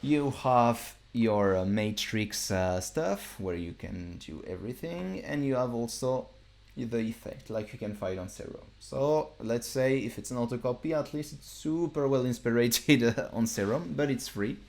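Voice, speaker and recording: A man, a music producer, casually walking viewers through his software setup on a live stream, rambling with many fillers and restarts. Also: mid-range voice, animated, a little slow, gravelly.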